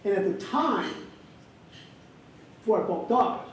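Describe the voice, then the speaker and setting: High-voiced man telling a story in an echoey hall. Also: unhurried. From Wisconsin, USA. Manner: animated storyteller with comic timing. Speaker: keynote speaker. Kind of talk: storytelling keynote speech. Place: large hall, on stage. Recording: echoey hall, distant mic, faint noise.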